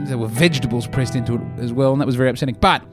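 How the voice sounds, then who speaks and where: A man hosting a podcast, talking through a casual comedic monologue in an animated, self-mocking way. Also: mid-range voice, racing, over music.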